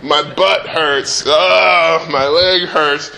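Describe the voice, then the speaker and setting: Dad putting on a whiny tired kid voice, groaning and complaining, bright tone. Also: male voice, fairly high pitch, steady tone, extremely slow, vocal fry, pitched above the performer's own voice, exaggerated voice, poor audio. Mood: whining. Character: whining twelve-year-old boy, worn out.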